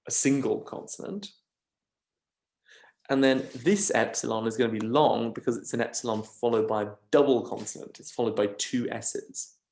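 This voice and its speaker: A man gives a recorded lesson, working through each step patiently and checking in with his listeners as he goes. He talks at an unhurried, slow pace. The room around him has a noticeable echo. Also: medium pitch, a little mellow. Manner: patient, step-by-step explaining with frequent ums and rights. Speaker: teacher. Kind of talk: recorded video lesson on scanning verse.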